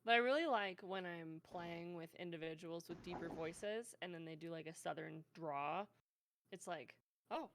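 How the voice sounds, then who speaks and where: A woman's voice: fairly low pitch, moderate pace, a bit bright. A woman guest on a podcast, chatting casually and laughing often as she tells stories. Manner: giggly, storytelling, laughs often. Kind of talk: casual chat.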